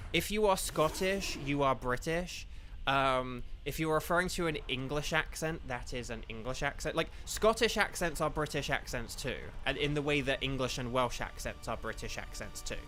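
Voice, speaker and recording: Bright-voiced man rambling on a game stream. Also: on the high side, expressive, brisk, slight background noise. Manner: rambling, filler-heavy, self-correcting. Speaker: voice actor streaming a game with chat. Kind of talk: casual live-stream chat while gaming. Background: faint game music.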